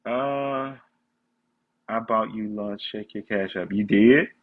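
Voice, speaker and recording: A man's voice: lowish voice, slow pace, phone-quality sound. A man with a congested voice, chatting candidly and ranting to viewers on a casual live stream.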